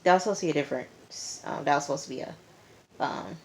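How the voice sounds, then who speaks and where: A woman recapping a TV episode in a relaxed, chatty way. Her voice sits low, and she talks in slang with emphatic asides and lots of fillers. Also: rapid-fire. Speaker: TV show reviewer.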